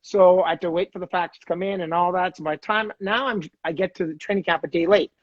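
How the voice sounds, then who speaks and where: A man from Canada hosting a casual podcast, telling an animated hockey story and acting out the people in it. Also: high voice, quick pace, no room sound, muffled recording. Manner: animated storyteller, acts out quoted voices. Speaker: podcast host, former hockey player.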